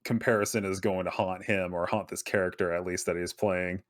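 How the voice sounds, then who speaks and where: A man's voice: sits low, steady tone, a little fast, no echo. A man co-hosting a casual podcast chat, laid-back, with short replies and dry asides. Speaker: podcast co-host.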